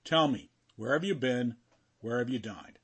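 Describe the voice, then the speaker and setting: A man's voice: medium pitch, moderate pace, a bit bright, slightly rough. A man reading an audiobook, voicing a playful young man who teases and badgers his friend. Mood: teasing. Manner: teasing, bantering.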